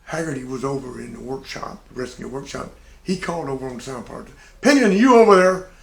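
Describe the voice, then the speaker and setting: A man's voice: medium pitch, fast talker, vocal fry. An older man, a navy veteran, telling a casual, plain-spoken anecdote with chuckles and swearing. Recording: echoey room.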